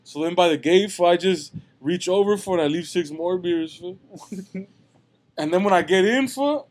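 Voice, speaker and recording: A young man with a high voice tells a rambling, slang-filled story on a casual podcast. He talks loosely and ends nearly every phrase with "fool.". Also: normal speed. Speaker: podcast co-host telling a story.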